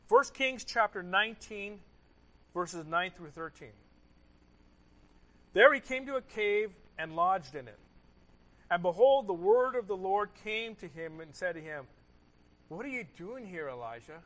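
A man preaching a sermon, swinging between loud emphasis and hushed asides, repeating key phrases and asking rhetorical questions. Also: high-pitched, low-quality recording. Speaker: pastor.

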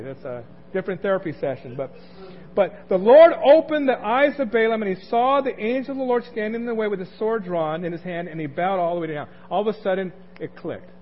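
High-voiced man preaching a sermon. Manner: conversational, asks the congregation questions, chuckles. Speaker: pastor. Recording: dull lo-fi recording, faint noise.

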